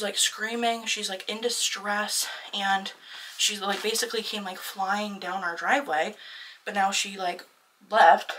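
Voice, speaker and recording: Chatty young woman, bright voice. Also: medium pitch, distant mic, low-quality recording. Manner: chatty, lots of "like" fillers, excitable. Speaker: vlogger. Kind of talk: casual storytime chat.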